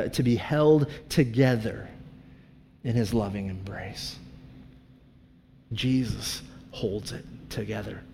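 Earnest pastor in a reverberant hall. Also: male voice, medium pitch, a little mellow, a little hiss or hum. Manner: earnest, conversational, self-mocking humor. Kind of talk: sermon with personal story.

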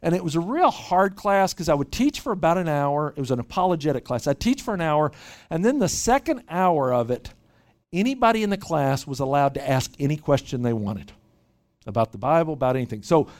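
A man preaching a sermon at a church retreat, animated and often repeating his first words as he starts a thought. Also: fairly high pitch, brisk. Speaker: pastor.

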